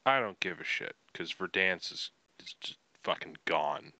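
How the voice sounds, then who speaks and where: A man's voice: low-pitched, lively intonation, measured pace, creaky, a crowd in the background. A man co-hosting a podcast, chatting casually with wry jokes and offhand swearing. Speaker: podcast co-host. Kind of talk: casual chat.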